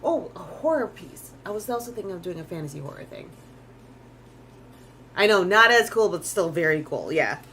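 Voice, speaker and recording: A woman's voice: on the low side, very animated, moderate pace, fairly bright tone, slight background noise. A woman artist chatting casually on a live stream as she draws, rambling, restarting sentences and swearing freely. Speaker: artist streaming while drawing.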